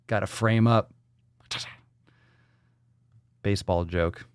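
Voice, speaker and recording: Low-voiced man, livestream host, teasing and profane, dry close sound. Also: fairly even intonation, unhurried, long pauses, clean tone, no echo. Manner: joking, teasing, plays with pronunciations; swears casually. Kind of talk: casual livestream chat reading comments.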